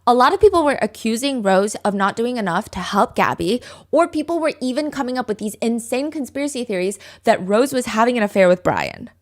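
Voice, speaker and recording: A woman's voice: fairly high pitch, very animated, fairly quick, hardly any pauses. A woman hosting a true-crime podcast, telling the story casually with lots of "like" and earnest opinionated asides. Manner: chatty, with frequent fillers like "like". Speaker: podcast host.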